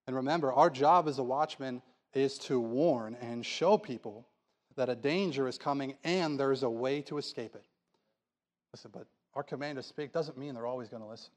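A man's voice: medium pitch, moderate pace. A man preaching a sermon in a church, pleading with the congregation through earnest rhetorical questions.

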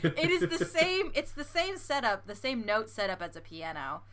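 A woman's voice: on the high side, normal speed. A young woman co-hosting a podcast, chatting casually and giggling often, full of fillers. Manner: giggly, animated, many fillers. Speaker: podcast co-host. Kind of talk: casual chat.

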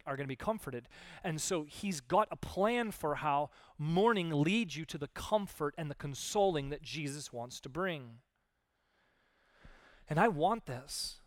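Male pastor, sermon delivery, casual and animated, slightly raised pitch, dry close sound. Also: dry recording. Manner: conversational, animated, acts out quoted voices.

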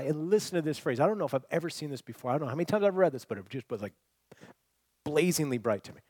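A man preaching a sermon, earnest and conversational, rising to loud emphasis and dropping to near-quiet. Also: medium pitch, expressive, quick pace, slightly rough, no echo. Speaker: pastor.

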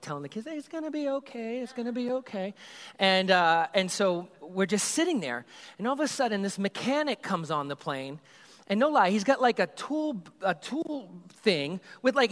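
A man, a youth group leader, telling a comedic story in an animated, rambling way and acting out the scenes. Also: high voice. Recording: reverberant hall.

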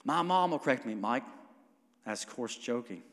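Preaching pastor in a reverberant sanctuary. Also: male voice, medium pitch, expressive, normal speed. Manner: swings between quiet intimate passages and loud emphatic preaching; calls for congregation responses. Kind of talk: sermon. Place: church sanctuary. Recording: long hall reverb.

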